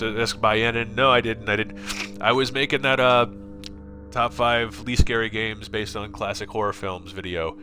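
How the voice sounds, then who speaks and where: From his home apartment, a game streamer rambles through a casual session, cursing openly and reading out chat messages. He talks at a normal pace in a lowish, pushed, bright voice, with faint music behind him.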